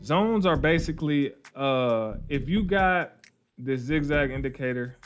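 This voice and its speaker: A man's voice: a little high, animated, a little slow, soft background music. Slangy casual man teaching trading. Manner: informal, repeats himself, slangy asides. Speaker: trading educator. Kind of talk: casual screen-share tutorial.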